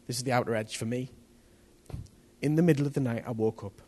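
A man preaching a testimony sermon, telling his story in an animated way that rises to near-shouts at the tense moments. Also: mid-range voice, fast talker.

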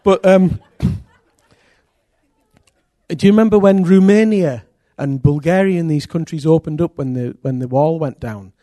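Earnest pastor preaching. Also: male voice, on the high side, unhurried, dry recording. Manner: earnest and intimate, with sudden loud rises. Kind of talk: sermon.

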